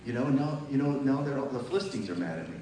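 A man preaching to a congregation, emphatic and chatty, often checking in with the audience. His voice is mid-pitched and heard from a distance. The sound is washed in a strong echo from a large hall, with faint ambient noise behind him. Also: expressive, quick pace, dark tone. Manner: emphatic and conversational, often asks the audience questions. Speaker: preacher giving a testimony. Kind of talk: sermon testimony. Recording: very echoey hall, mic far off.

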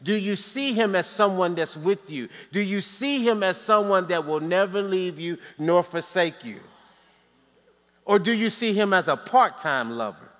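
High bright-voiced male preacher, echoing hall. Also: expressive, a little slow. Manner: preaching with call-and-response and joking asides. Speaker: pastor. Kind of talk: sermon. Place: church sanctuary. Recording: long church hall reverb.

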